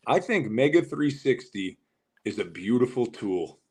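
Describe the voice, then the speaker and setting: A man's voice: mid-range voice, sing-song, measured pace, crowd noise. A man on a live fishing show telling long, winding stories that he peppers with swearing. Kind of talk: casual live show chat.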